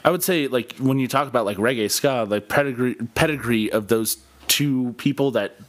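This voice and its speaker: A man co-hosting a casual music podcast, talking in an animated way and swearing freely. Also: medium pitch, normal speed. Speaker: podcast co-host.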